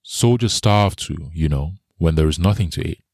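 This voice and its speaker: A man's voice: sits low, moderate pace, creaky, no room sound, studio quality, heavily acted. A man reading a blunt, hard-hearted young man. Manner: loud, flat, unfeeling questions.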